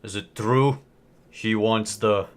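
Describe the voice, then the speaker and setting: Casual game master with a lowish voice. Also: male voice, steady tone, takes it slowly. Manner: casual, with fillers. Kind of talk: narrating and voicing characters in a tabletop game.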